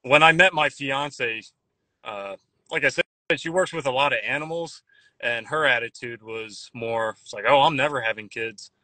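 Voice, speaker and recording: Bright-voiced man in casual chat. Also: mid-range voice, dry recording. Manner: rambling, halting with restarts. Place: Nashville.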